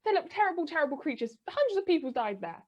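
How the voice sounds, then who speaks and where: A woman's voice: sits high, sing-song, quick pace, muffled recording. A woman playing a paranoid cousin who argues insistently in a live improv comedy scene. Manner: insistent, argumentative. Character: paranoid, accusing cousin afraid of dinosaurs. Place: live stage show.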